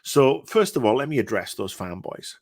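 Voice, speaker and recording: A British man in his fifties co-hosting a podcast, chatting casually with blunt, profane, animated ranting. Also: mid-range voice, moderate pace, dry recording, clean studio sound. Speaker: podcast co-host. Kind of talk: casual chat.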